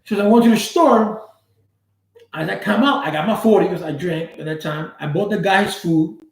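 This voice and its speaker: A man telling a personal story in a casual, blunt way, with street slang and swearing. He acts out the other people's lines with sudden jumps in pitch. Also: normal speed, roomy sound, poor audio. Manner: animated, acts out quoted dialogue with big pitch jumps. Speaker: channel host.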